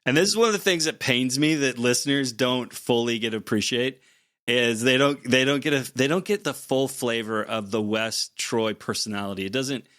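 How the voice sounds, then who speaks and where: A man's voice: mid-range voice, normal speed, fairly bright tone. A man co-hosting a podcast, talking with enthusiasm and often repeating his words as he goes. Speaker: podcast co-host. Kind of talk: casual podcast chat.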